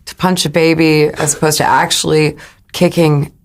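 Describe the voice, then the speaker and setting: A woman being interviewed about a film role, chatting casually with frequent laughs and halting restarts. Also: deep voice, flat delivery. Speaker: actress guest.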